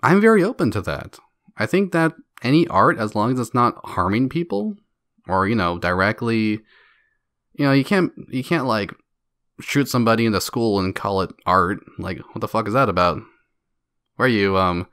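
A man's voice: on the low side, very animated, moderate pace, a bit bright, no echo, studio quality. A man hosting a solo podcast, ranting in a profane, mocking way and laughing between jabs. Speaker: podcast host.

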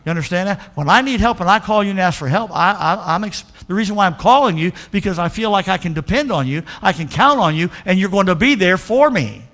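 A man's voice: sits high, expressive, quick pace, few pauses, fairly bright tone. A man pastor preaching a folksy, emphatic sermon with lots of repetition.

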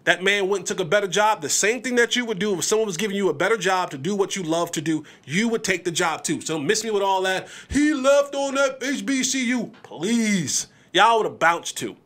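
A man hosting a sports podcast, talking in an animated, emphatic way, repeating words as he builds his points. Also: high-pitched, fairly quick, hardly any pauses. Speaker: podcast host.

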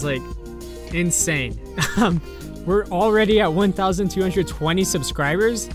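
Young male YouTuber with a high voice, lively storyteller, faint music behind. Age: young adult. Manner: animated, swearing, acts out quotes. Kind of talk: casual storytelling.

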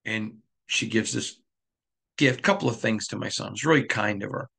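A man's voice: on the low side, moderate pace, gravelly, pushed and bright, slightly rough. A middle-aged man hosting a sports podcast, talking in an emphatic monologue and repeating lines for effect. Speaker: podcast host.

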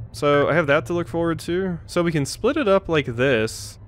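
A man's voice: a little high, lively intonation, normal speed, faint music behind. A man hosting a let's play, thinking aloud through a puzzle and poking fun at himself. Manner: self-deprecating, thinks aloud. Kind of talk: gaming commentary.

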